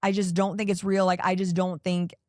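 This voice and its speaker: A woman's voice: lowish voice, little pitch movement, fairly quick, a little mellow, no echo, clean studio sound. Exasperated woman podcaster ranting. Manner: rambling, heavy on "like" and "I don't know". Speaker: podcast host. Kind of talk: casual reality TV recap chat.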